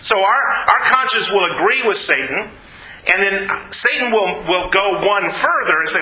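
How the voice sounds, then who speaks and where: Slow, bright-voiced man teaching a Bible class. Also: sits high, expressive, roomy sound, poor audio. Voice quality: halting, repeats words, asks the class questions.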